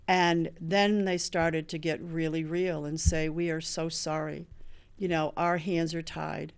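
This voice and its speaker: A woman's voice: fairly low pitch, level tone, unhurried, clear, resonant tone. An older woman in recovery telling a personal story earnestly, acting out the lines of the people in it. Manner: earnest, acts out dialogue in quotes. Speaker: show host sharing a personal story.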